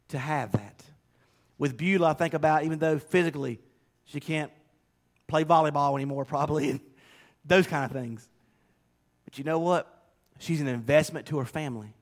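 A man preaching a sermon, folksy and conversational, building to loud exhortation. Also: on the high side.

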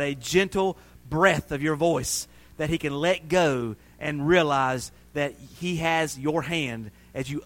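Earnest pastor praying, fervent then hushed. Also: male voice, medium pitch. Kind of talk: sermon and altar-call prayer. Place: church sanctuary.

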